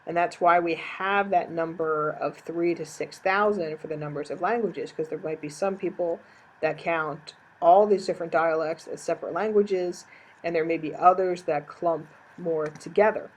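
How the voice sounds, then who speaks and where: A woman's voice: lowish voice, steady tone, normal speed, low-quality recording. A woman teacher giving a recorded lecture, explaining terms step by step and repeating key definitions.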